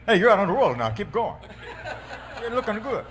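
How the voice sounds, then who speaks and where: A man's voice: sits high, sing-song, fairly quick, a crowd in the background. A man playing a joking Italian priest with a put-on Italian accent and broken English, telling jokes in a comedy sketch. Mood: jovial. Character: joking middle-aged male Italian priest. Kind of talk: stand-up character sketch.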